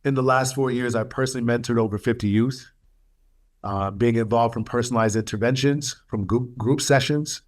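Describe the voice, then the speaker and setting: A man sharing his life story as a webinar speaker, earnest and emotional, with halting pauses and fillers. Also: medium pitch. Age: adult, studying for a master's. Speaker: webinar speaker, youth mentor.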